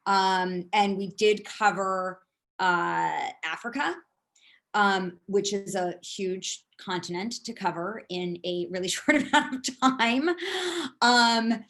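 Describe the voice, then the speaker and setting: A woman's voice: medium pitch, takes it slowly, fairly bright tone. Middle-aged woman on a video call, rambling answers full of ums and restarts. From San Francisco, USA. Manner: rambling, with many fillers and restarts. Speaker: board candidate. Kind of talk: casual answers in a video meeting.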